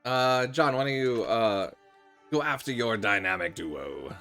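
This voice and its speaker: Energetic young man running a tabletop game. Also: mid-range voice, a little slow, creaky, faint music behind. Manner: energetic, rambling with fillers. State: voice strained. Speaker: game master.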